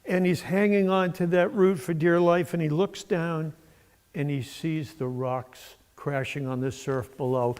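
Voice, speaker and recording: Slow-talking older preacher in a reverberant church. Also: male voice, fairly high pitch, a little mellow. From Massachusetts. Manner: folksy, unhurried storytelling with fillers. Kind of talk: sermon with storytelling.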